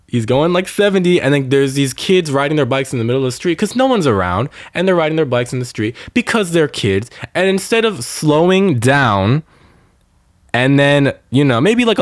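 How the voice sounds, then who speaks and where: A man's voice: mid-range voice, no echo, studio quality. A young man, a podcast co-host, ranting in casual chat with lots of swearing and filler words. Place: Los Angeles area.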